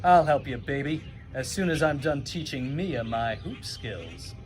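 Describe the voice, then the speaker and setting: A man's voice: mid-range voice, lively intonation, unhurried, soft background music, pitched below the performer's own voice, lightly acted. A man voicing a laid-back schoolboy basketball show-off. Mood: cool.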